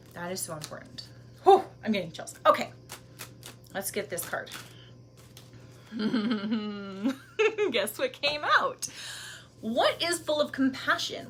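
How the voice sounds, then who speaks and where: Woman doing a spiritual card reading, kinda high voice, gets soft and whispery, little hiss behind. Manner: emotional, breathy asides, laughs and near tears; soft, drops to near-whispers. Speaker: spiritual energy reader.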